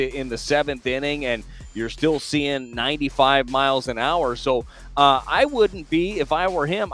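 A man's voice: on the high side, a bit bright. A man talking as an analyst on sports talk radio, blunt and emphatic and fond of repeating phrases. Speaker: baseball analyst.

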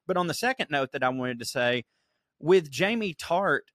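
A man from Georgia with a Southern accent, co-hosting a podcast in casual chat, agreeable and eager with quick interjections. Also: a little high, lively intonation, a bit bright, dry recording, studio quality. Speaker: podcast co-host.

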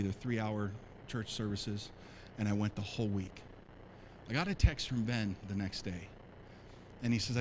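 A man preaching a sermon as pastor, telling a personal story in a lively, conversational way to his church. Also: mid-range voice, a little hiss or hum, poor audio. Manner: animated, conversational, talks to congregation. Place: church sanctuary.

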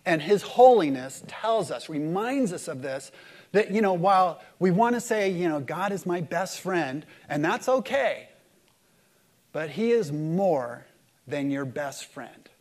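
A man preaching a sermon to a congregation, swinging from loud emphatic lines to hushed, slow ones and leading the room in call-and-response. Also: fairly high pitch, lively intonation. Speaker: pastor.

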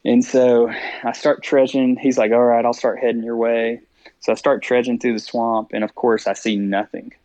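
A man's voice: mid-range voice, level tone, moderate pace, a little mellow, dry recording. A man telling a story as a podcast guest. He laughs often and acts out his own thoughts as he speaks. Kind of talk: storytelling interview.

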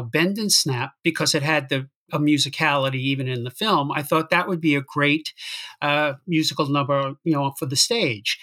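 A theater producer hosting a relaxed interview, telling anecdotes and asking about the writing of songs. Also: mid-range voice. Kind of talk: casual interview chat.

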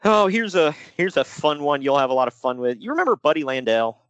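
A man co-hosting a casual podcast chat, animated and jokey, slipping into mock voices. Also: fairly high pitch, fairly quick, clear, resonant tone, dry recording, highs cut off. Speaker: podcast co-host.

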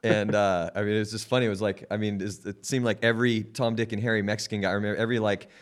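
Lively storytelling man, low voice. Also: racing. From San Diego, California. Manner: animated storyteller, laughs often, acts out quotes. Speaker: podcast host. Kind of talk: casual chat.

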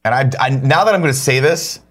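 A man's voice: mid-range voice, fast talker. A man co-hosting a casual comedy talk show, riffing through stories in banter. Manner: animated, riffing storyteller. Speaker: co-host.

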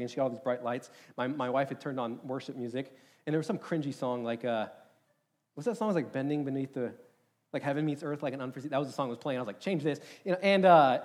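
Fast, animated young man preaching. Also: mid-range voice. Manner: animated, rambling, lots of filler words. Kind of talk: sermon storytelling. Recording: long hall reverb.

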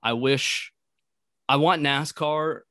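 A man's voice: a little high, steady tone, slow, fairly bright tone, no room sound. A man co-hosting a casual podcast chat, laid-back and agreeable, with opinionated asides. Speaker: podcast co-host.

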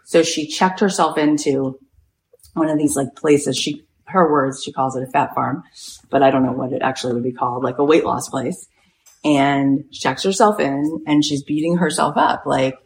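A woman's voice: sits low, normal speed, a little hiss or hum. A woman podcast host telling a story with energy, acting out the people in it and saying "like" a lot. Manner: acts out the people in her stories, lots of "like". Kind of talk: animated storytelling.

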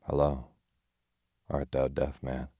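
A man's voice: very deep voice, completely flat delivery, warm tone, no room sound, full character voice. A man reading a merry jesting outlaw. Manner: archaic speech, measured, teasing. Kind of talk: audiobook character reading.

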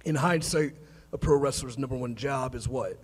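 A man's voice: medium pitch, normal speed, husky. A man, a wrestler guest on a live stage talk show, talking bluntly and wryly with some swearing. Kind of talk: casual chat on stage.

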